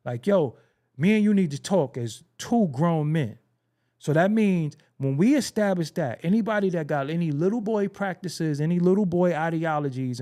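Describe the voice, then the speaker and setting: A middle-aged man delivers a blunt, profane commentary rant with a streetwise edge. His voice sits a little high for a man and swings widely up and down as he mocks the phrases of the people he talks about. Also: warm tone. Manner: mimics other people's phrases mockingly. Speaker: show host.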